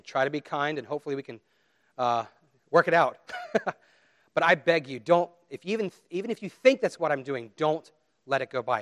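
A middle-aged man preaching a sermon as pastor, earnest and pleading, swinging between loud emphasis and quiet appeals. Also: fairly high pitch.

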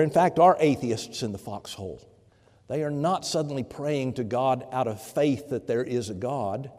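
A man's voice: medium pitch, a little mellow. A man preaching a sermon in a conversational way, often repeating words and briefly acting out the people he quotes. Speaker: pastor. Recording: long hall reverb.

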